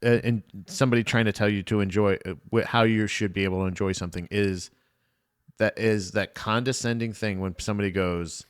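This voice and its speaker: Casting note: lower-pitched male podcast co-host, agreeable, halting and casual. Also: fairly even intonation, smooth. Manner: agreeable, backs up his co-host, halting restarts. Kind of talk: casual chat.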